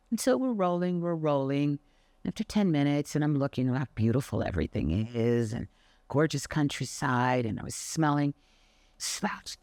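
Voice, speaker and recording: An older woman who teaches Pilates talks to camera in a casual motivational way, a chatty, animated storyteller who swears now and then. Her voice is deep, with no room sound.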